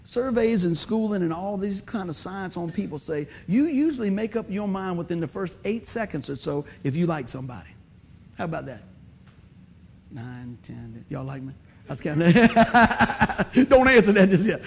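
Over slight background noise, a man with a high, expressive voice and some vocal fry preaches a sermon at a moderate pace. He tells a folksy story in a conversational way, joking with the congregation.

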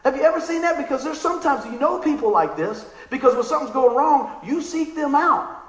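A man preaching a sermon in an animated, conversational way, telling stories and asking the crowd questions. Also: very high voice, fairly quick, reverberant, poor audio. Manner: animated, excitable storytelling.

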